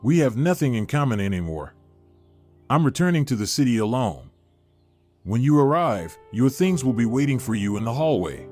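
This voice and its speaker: A man voicing a calm, firm wife who has been betrayed, in a storybook reading. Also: mid-range voice, moderate pace, faint music behind, close to an everyday voice.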